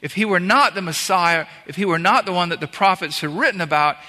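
Male pastor, conversational sermon delivery, emphatic repetitions, bright tone. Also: high-pitched, a little fast. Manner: conversational preaching, walking through scripture verse by verse. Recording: long reverb of a large hall.

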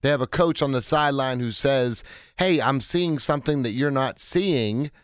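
Hoarse forties radio host, dry studio. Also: male voice, medium pitch, moderate pace, no echo. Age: 40s. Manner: energetic, chatty, self-interrupting. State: hoarse, voice cracking. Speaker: radio talk show host. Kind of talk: call-in radio show monologue.

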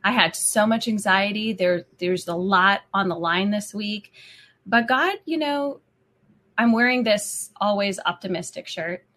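Bright-voiced woman telling a story. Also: medium pitch, unhurried. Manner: chatty, emotional storytelling. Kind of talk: casual faith talk.

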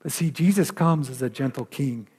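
A man's voice: medium pitch, normal speed, darkish tone, husky. A man pastor preaching a sermon in a conversational way, with frequent "right?" asides and emphatic rises.

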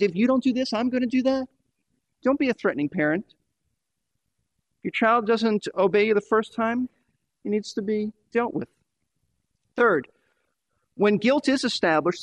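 A male preacher with a high-pitched voice delivers a sermon, pressing his points and repeating key phrases for emphasis. The sound is dry and close, with no room echo.

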